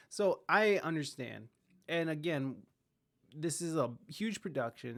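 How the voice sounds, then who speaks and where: A man's voice: medium pitch, gravelly. A man hosting a livestream, chatting casually and rambling with plenty of swearing as he reacts to clips. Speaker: livestream host. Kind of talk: casual chat.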